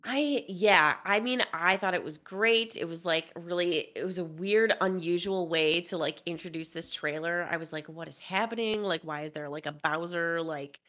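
A woman co-hosting a podcast, talking in an animated, opinionated way and peppering her lines with "like". Her voice sits fairly low for a woman. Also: moderate pace, hardly any pauses. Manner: animated, opinionated, heavy use of "like". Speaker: podcast co-host. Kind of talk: casual chat.

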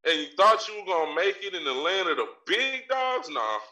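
A man's voice: high voice, animated, fairly quick, sharp tone, far from the mic. A man ranting in profane, trash-talking commentary as a podcast co-host, often stumbling over and repeating his words. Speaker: podcast co-host with a wrestling segment. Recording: echoey room, voice off-mic.

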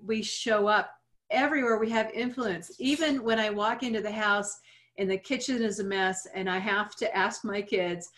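A woman's voice: a little high, fairly bright tone. A woman in her forties, a guest in an interview, talking earnestly and reflectively with light laughs. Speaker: guest speaker. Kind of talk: interview conversation.

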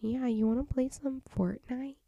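A woman voicing a laid-back young male gamer bro who talks in loud, drawling slang. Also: high-pitched, fairly even intonation, normal speed, dry recording, lo-fi sound, voice pushed up. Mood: chill.

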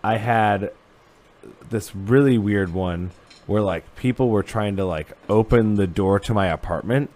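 A man's voice: on the low side, unhurried, a little mellow. A man hosting a podcast, asking laid-back, teasing questions in casual chat. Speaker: podcast host.

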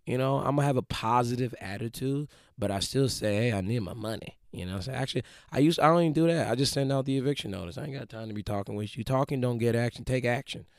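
A man in his twenties giving a casual motivational talk, slangy and animated, acting out quick quoted voices. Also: mid-range voice, dry recording, clean studio sound. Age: 20s.

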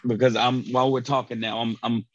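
A man's voice: mid-range voice, level tone, a little fast, no echo, muffled recording. A man in a casual podcast chat, explaining background from the books in a talkative way. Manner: chatty, explains book background. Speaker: podcast co-host.

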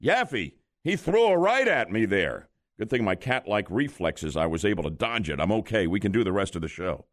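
A man's voice: fairly low pitch, moderate pace, hardly any pauses. A male morning radio host running a call-in quiz game with jokey banter. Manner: jokey, lively delivery.

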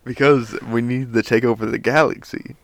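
A man's voice: medium pitch, fairly even intonation, moderate pace, creaky, no room sound. Man, podcast co-host, tipsy, laid-back, goofy, dry close sound. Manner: laid-back, goofy, says bro a lot. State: intoxicated. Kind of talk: casual podcast chat.

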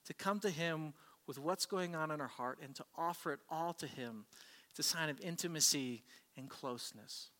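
A man's voice: a little high, normal speed, sharp tone. A man preaching a sermon as pastor, earnest and conversational. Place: church service. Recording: long hall reverb.

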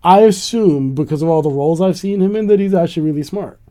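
A man in casual conversation, rambling and animated, laughing often and swearing now and then. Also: fairly high pitch, fast talker. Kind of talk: casual chat.

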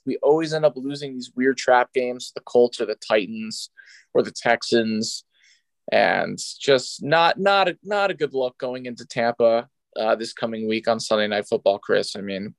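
A man's voice: mid-range voice, dry recording. A man co-hosting a sports podcast, ranting in exasperation about a loss and swearing, out of breath. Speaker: podcast co-host. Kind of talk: casual sports chat.

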